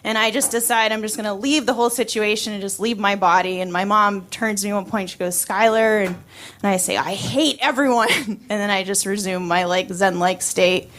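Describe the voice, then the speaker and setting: A woman's voice: mid-range voice, level tone, brisk, fairly bright tone. A woman in her twenties telling a personal story on stage, chatty and wry, laughing often and using many fillers. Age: 20s.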